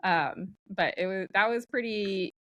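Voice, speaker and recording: Woman co-host, relaxed conversational delivery, mid-range pitch. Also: unhurried. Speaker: podcast co-host. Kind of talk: casual chat.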